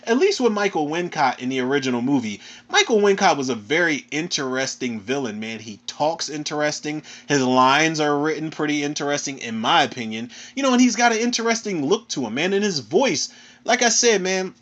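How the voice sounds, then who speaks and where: A man with a Philadelphia accent ranting casually through a film review, animated and profane, ending his phrases with "man". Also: a little high, brisk. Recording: dull lo-fi recording.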